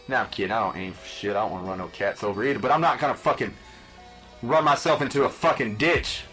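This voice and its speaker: A man's voice: mid-range voice, quick pace, a bit bright, faint music behind. A man hosting a podcast, telling stories in a blunt, profane, exasperated rant. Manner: blunt, swearing, exasperated storytelling. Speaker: podcast host.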